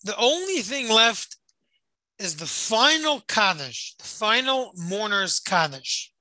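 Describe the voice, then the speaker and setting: A very bright, crisp voice heard dry and close on a call. The speaker leads a Torah study group and tells a story in a rambling, casual way, repeating phrases and glossing Hebrew words as they go. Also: medium pitch, big pitch swings, slow pace, no echo, rough recording. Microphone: call or online meeting.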